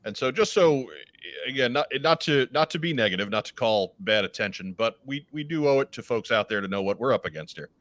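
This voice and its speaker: A man's voice: mid-range voice, expressive, a little fast, a bit bright, dry recording. A man hosting a podcast, joking around and then making earnest appeals to listeners. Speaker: podcast host. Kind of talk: casual podcast chat.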